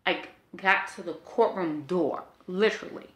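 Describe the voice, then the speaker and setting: Recorded in an echoey room with slight background noise, a woman in her forties speaks slowly in a lowish voice. As an interviewee, she earnestly and candidly relates an emotional personal testimony, leaning heavily on "you know" and "like."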